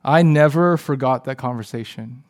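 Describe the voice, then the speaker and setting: Man preaching, hushed storytelling. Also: mid-range voice, normal speed. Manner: storytelling, often drops to a soft hush. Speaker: pastor. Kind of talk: sermon with personal story.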